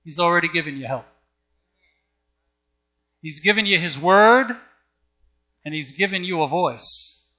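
A man's voice: fairly high pitch, lively intonation, unhurried, pauses often, sharp tone. A man preaching a sermon with an emphatic, repetitive cadence.

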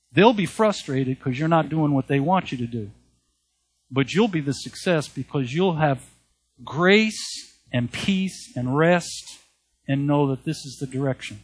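A male pastor delivers a sermon at an unhurried, deliberate pace. His voice has a husky, slightly breathy edge at a middling pitch. He repeats points for emphasis and reads scripture aloud between his remarks. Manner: slow, earnest preaching with repeated emphasis and Bible readings.

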